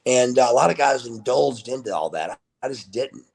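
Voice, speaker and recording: Man, middle-aged, wrestler guest, animated storyteller, raspy, creaky. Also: mid-range voice, fairly quick. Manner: animated storyteller who acts out quoted dialogue. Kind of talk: casual storytelling interview.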